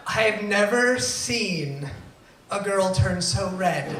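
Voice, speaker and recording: A man telling a true personal story to a live audience, acting out quoted lines and swinging between hushed and loud delivery. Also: high-pitched, expressive, takes it slowly, a little hiss or hum. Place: event venue before an audience. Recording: roomy venue, voice from far off.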